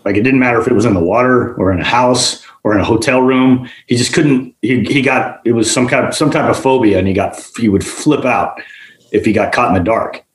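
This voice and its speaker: Guy telling a funny job story, lively voice, echoey room. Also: medium pitch, fairly quick. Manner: animated, acts out quoted voices. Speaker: guest, general manager. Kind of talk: casual storytelling.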